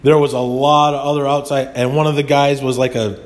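A man's voice: medium pitch, little pitch movement, fairly quick. Rambling indignant man. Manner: rambling, indignant, many restarts. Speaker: podcast host. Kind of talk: casual monologue.

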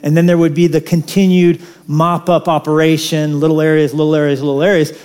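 A man preaching a sermon in an animated, conversational way, with casual asides to the congregation. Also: fairly high pitch, brisk, clear, resonant tone. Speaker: pastor.

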